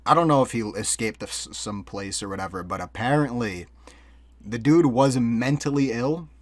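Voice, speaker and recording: A young man in the middle of a casual podcast story, talking at a mid pitch and swearing freely. His talk is loose and rambling, packed with fillers. The sound is dry and close to the mic, with little room behind him. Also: normal speed, no room sound. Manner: profane, rambling, full of fillers. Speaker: podcast co-host.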